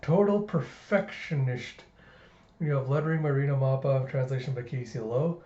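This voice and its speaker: A man hosting a reaction video, reading aloud in a casual, animated way and laughing often. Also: medium pitch, fast. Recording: dull echoey room recording.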